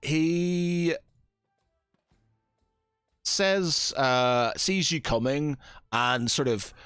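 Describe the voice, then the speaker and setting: Slow, halting male game master. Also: a little high, a bit bright, clear, resonant tone, no echo, studio quality, soft background music. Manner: hesitant, many fillers, slow. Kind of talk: narrating a tabletop game.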